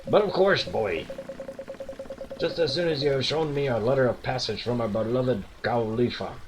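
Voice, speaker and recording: A man's voice: mid-range voice, a little hiss or hum, close to an everyday voice, poor audio. A man doing a pompous old pirate captain. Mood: grandiose. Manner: slow, pompous pirate drawl. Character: boastful grand old male pirate captain.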